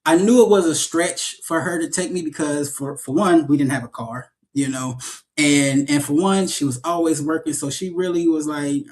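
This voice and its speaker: A man talking casually in an interview about his own life. His voice sits a bit high for a man, and he tells his stories with animation, doubling back and repeating words as he builds up. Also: moderate pace, a little mellow. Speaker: actor, interview guest.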